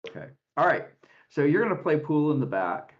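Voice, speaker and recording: A man narrating as game master for a tabletop game, relaxed and halting with many fillers. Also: fairly high pitch, highs cut off.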